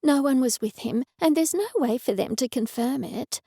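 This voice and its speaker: A woman voicing a stressed middle-aged waitress who talks in a hushed, confiding way. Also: sits high, lively intonation, moderate pace, vocal fry, slightly rough, no echo, clean studio sound, exaggerated voice.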